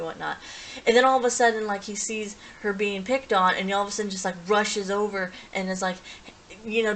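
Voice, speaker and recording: A woman's voice: medium pitch, brisk, a bit bright, slight background noise, low-quality recording. A woman giving a casual, rambling plot recap as a reviewer, full of restarts and fillers.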